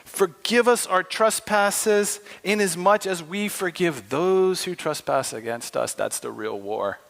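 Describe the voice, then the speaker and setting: A man's voice: sits high, unhurried, gravelly, a bit bright. Impassioned preacher man in a reverberant hall. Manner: impassioned, emphatic, acts out dialogue. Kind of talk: sermon.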